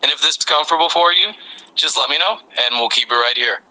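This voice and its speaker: A man's voice: fairly high pitch, fast, sharp tone, low-quality recording. A male AI voice assistant acting as a friendly conversation partner, upbeat and reassuring.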